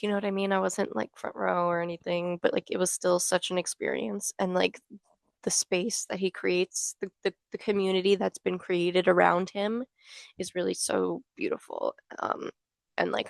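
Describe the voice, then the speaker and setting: A woman's voice: lowish voice, normal speed, creaky, dry recording. A young woman vlogging casually as a fan, chatty and gushing with many fillers. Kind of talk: casual fan talk to camera.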